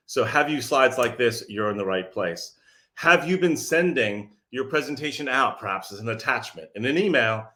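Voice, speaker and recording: A man speaking from his office as a sales messaging coach, energetic and sarcastic, firing questions at his audience. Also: mid-range voice. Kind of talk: direct-to-audience pitch.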